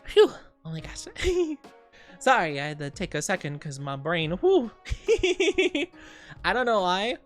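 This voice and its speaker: A streamer woman with a voice at a middle pitch, gushing and bubbly as she greets her chat and wishes everyone well over and over. She peppers her talk with cutesy slang, and soft music sits faintly behind her. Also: big pitch swings, slow pace. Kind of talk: casual livestream chat.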